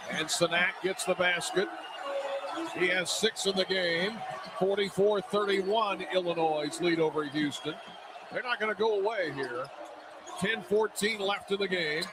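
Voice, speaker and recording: Dude calling a college hoops game live, bit high-pitched, lots of noise in the background. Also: male voice. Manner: rapid, rising excitement on big plays. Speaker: play-by-play announcer. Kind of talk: radio-style basketball play-by-play. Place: arena broadcast position.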